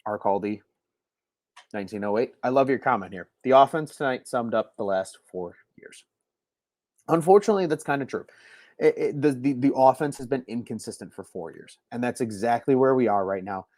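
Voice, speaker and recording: A man hosting a solo postgame baseball livestream from home late at night, talking in an animated, frustrated way with many restarts and "like"s. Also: medium pitch, fairly quick, no echo, studio quality. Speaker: sports podcast host. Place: home at night, keeping quiet.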